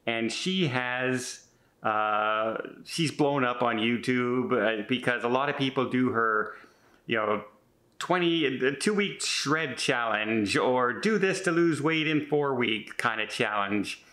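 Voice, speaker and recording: A man's voice: mid-range voice, takes it slowly, bright, forceful tone. Chatty man in his fifties vlogging. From Canada. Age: 50s. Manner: chatty, rambling, with frequent restarts; earnest and defensive. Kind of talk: casual vlog monologue.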